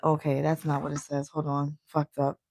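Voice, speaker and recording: A woman's voice: sits low, completely flat delivery, normal speed, a little mellow, no echo. A woman chatting casually on a stream while reading a book aloud, blunt and joking, swearing freely, on a handheld mic at home. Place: indoors at home.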